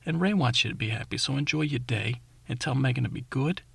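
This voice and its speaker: A man's voice: mid-range voice, expressive, quick pace, creaky, slightly rough, dry recording. A man telling a meandering, folksy comic story, full of fillers and self-corrections. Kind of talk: rambling comic monologue.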